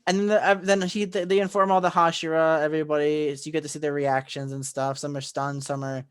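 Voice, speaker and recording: Excitable rambling man, higher-pitched. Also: quick pace, clean tone. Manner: excitable, rambling, many fillers and restarts. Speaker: podcast co-host. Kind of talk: casual chat recapping a film.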